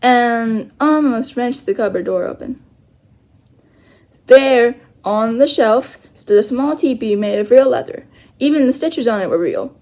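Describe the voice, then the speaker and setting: A woman reading a children's chapter book aloud, slowly and carefully, with small self-corrections. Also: a little high, animated, darkish tone. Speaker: storyteller.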